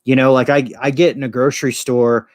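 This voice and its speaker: A man's voice: medium pitch, flat delivery, fairly quick, darkish tone, no room sound. A man chatting loosely and profanely, full of fillers and self-deprecating asides. His voice sits mid-range and the recording is dry and close. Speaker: vlogger. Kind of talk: casual chat.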